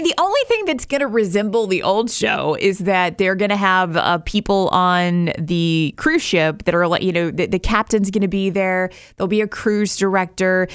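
A woman hosting a morning radio show, talking in a chatty, emphatic way and laughing easily. Her voice sits at a middle pitch. She sounds close and dry in a studio with no room sound. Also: clean tone, no room sound.

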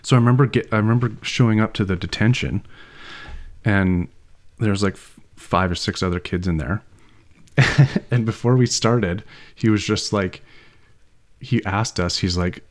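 A man's voice: lowish voice, normal speed, pauses often. A man co-hosting a podcast, telling a school anecdote in casual chat and laughing often. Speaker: podcast co-host.

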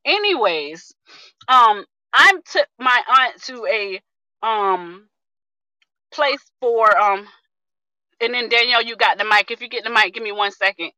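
A woman in her thirties giving an energetic, preachy testimony on a group video call, repeating herself for rhythm and calling her listeners family. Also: fairly high pitch, a little slow, no room sound, low-quality recording. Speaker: community member sharing testimony.

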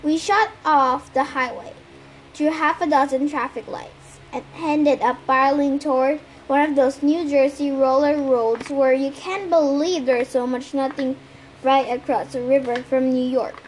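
Woman reader for a fan audiobook chapter; high voice, lively delivery, faint hiss behind. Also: measured pace, low-quality recording. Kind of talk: reading a novel aloud.

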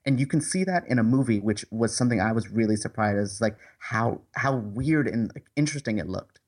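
A man's voice: medium pitch, lively intonation, fairly quick, darkish tone. A man co-hosting a podcast, chatting casually about a superhero movie with enthusiasm and frequent um's and restarts. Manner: enthusiastic, hesitant with fillers and acted-out quotes. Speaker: podcast co-host. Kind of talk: casual movie review chat.

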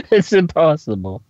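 A man chats casually on a podcast, often stumbling and repeating words as he searches for them. His pitch moves around a lot. The recording is dry and slightly muffled. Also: a little mellow, dry recording. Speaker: podcast co-host. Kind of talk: casual chat.

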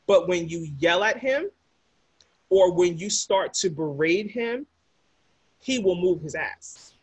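A woman with a slightly husky, breathy edge talks through relationship patterns on a podcast. She leans into each point and repeats it for emphasis. The sound is close and dry, with no room around her. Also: lowish voice, lively intonation, slow, no echo. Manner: emphatic, repeats key phrases for effect. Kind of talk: podcast conversation.

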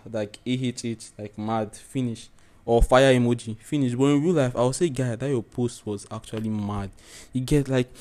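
A man's voice: medium pitch, dark tone. Laid-back man, slangy podcast talk. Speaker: podcast co-host. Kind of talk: casual podcast chat.

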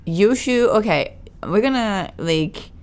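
A woman's voice: medium pitch, lively intonation, slow pace. A woman, co-hosting a podcast in casual chat, talkative and self-deprecating, restarting her sentences often. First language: Italian. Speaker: podcast co-host.

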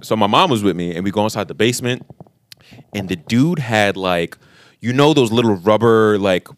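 A man's voice: fairly low pitch, normal speed, a little hiss or hum. A man in his thirties from the New York area, co-hosting a podcast and telling a long story with swearing and acted-out quotes. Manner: animated, swearing, acts out quotes. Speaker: podcast co-host. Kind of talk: casual storytelling chat.

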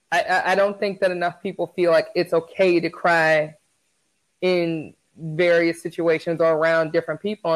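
A man's voice: high voice, poor audio. A man co-hosting a podcast, chatting candidly and often restarting his sentences. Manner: candid, repeats words when starting sentences. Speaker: podcast co-host. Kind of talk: casual chat.

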